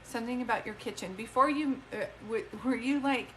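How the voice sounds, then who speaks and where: A woman's voice: on the high side, fairly quick, hardly any pauses, slight background noise, rough recording. A woman working as a psychic medium, giving a rambling, emphatic reading to a caller. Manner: chatty, emphatic, rambling with restarts. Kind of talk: live-stream reading to a caller.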